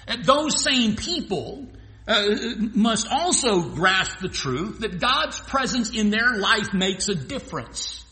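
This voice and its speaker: A man's voice: sits high, pushed and bright. A male pastor preaching an earnest expository sermon, sometimes restarting his phrases. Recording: echoey hall with long reverb.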